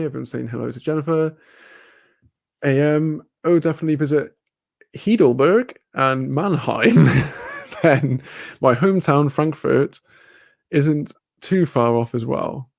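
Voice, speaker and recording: British man, live streamer, casual rambling chat, swears a lot, gravelly voice, dry close sound. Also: mid-range voice, darkish tone, no room sound. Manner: rambling, swears freely, laughs often.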